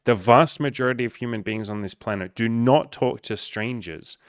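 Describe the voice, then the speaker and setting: A man's voice: mid-range voice, moderate pace, smooth, dry recording, clean studio sound. A man who coaches on dating, talking bluntly and emphatically with lots of swearing as he answers a viewer.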